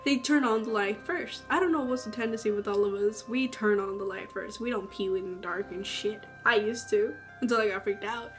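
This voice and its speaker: A woman telling a story in a casual, slangy, animated way. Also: a little high, brisk, few pauses. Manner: chatty, slangy, animated retelling with acted-out quotes. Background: faint background music.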